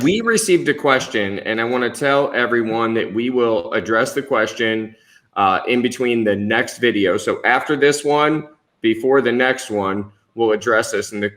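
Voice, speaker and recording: Guy cohosting a live stream, upbeat and friendly, laughs a lot, middle pitch. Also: fairly bright tone. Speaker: co-host of a livestream show. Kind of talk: casual live-stream chat.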